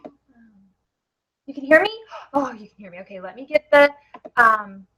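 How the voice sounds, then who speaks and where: A young woman talks into a headset microphone in a live webinar. She is excitable and chatty, with lots of fillers. Her voice sits a bit high for a woman. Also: normal speed, low-quality recording. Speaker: network marketing presenter.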